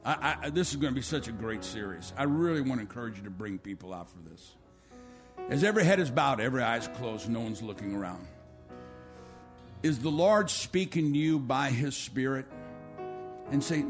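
A male pastor preaching a sermon, swinging between loud, rising calls and quiet, low appeals, acting out quotes and leading an altar call. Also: animated, fairly quick, over music.

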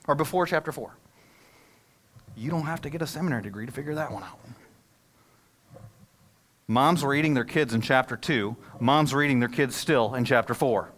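Male pastor, slightly higher voice, sermon delivery, swings from soft asides to loud emphatic peaks. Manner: jokes with the congregation. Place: church service held in a movie theater.

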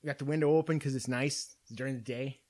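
A man's voice: medium pitch, brisk. A young man hosting a podcast, ranting in casual, profane storytelling about everyday annoyances. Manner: profane, animated storytelling rant. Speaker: podcast host.

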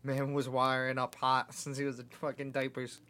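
A man's voice: medium pitch, monotone, sharp tone. A young man in a casual podcast chat, joking and teasing the others. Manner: joking, teasing, quick comebacks. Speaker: podcast co-host.

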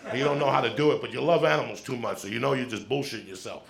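A middle-aged man doing stand-up, telling a long story in a profane, animated way and checking in with the crowd with quick "right?" asides. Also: mid-range voice. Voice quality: gravelly. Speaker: stand-up comedian. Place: comedy stage with audience.

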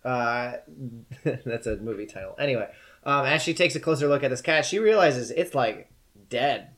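A man's voice: medium pitch, normal speed. Jokey male game master. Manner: lively and jokey. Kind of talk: narrating a tabletop game.

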